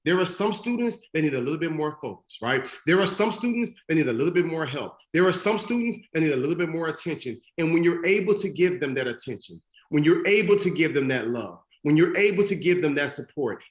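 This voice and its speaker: A man's voice: fairly high pitch, animated, fairly quick, hardly any pauses. A young man with a slightly raised voice speaks to a room of teachers. He builds his motivational speech through repeated phrases and rhetorical questions. The sound is roomy and echoey, as in a large event space. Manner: repetitive preaching cadence with rhetorical questions.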